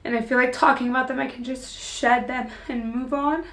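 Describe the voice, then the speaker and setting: A woman's voice: sits high, steady tone, a little fast, a bit bright, echoey room. A young woman and mom talking tearfully and earnestly to her viewers in a personal vlog, her voice wavering as she holds back tears. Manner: heartfelt and earnest, speaks directly to viewers. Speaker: fitness creator and mom. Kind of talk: emotional personal vlog to camera.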